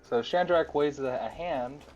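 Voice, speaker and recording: A man's voice: fairly high pitch, measured pace, a little mellow, highs cut off, soft background music. A man playing a tabletop game, chatting casually about his character's actions. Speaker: player.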